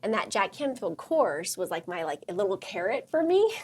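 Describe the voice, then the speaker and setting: A middle-aged woman hosting a motivational workshop talk, chatty and excitable with lots of fillers and a husky voice. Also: mid-range voice, normal speed. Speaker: host and counselor.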